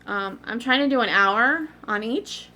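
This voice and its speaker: A woman's voice: on the high side, measured pace, pushed and bright. A middle-aged woman rambling in a casual, digressive chat to her vlog audience, often apologizing in asides. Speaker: cross-stitch vlogger.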